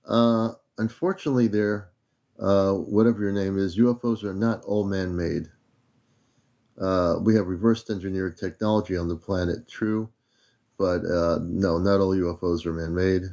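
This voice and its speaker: An older American man hosting a casual livestream, relaxed and easygoing, greeting viewers one by one by name. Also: deep voice, normal speed. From United States. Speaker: livestream host.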